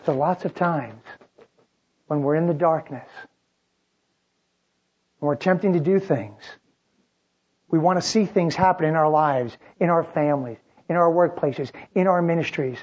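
A preacher delivering a sermon, shifting between loud, dramatic outbursts and quiet, drawn-out phrases. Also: mid-range voice, breathy edge, lo-fi sound.

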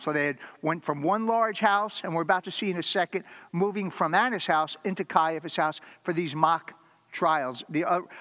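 A man preaching a sermon as a pastor, telling the story dramatically and swinging from loud to hushed. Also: sits high, big-room sound.

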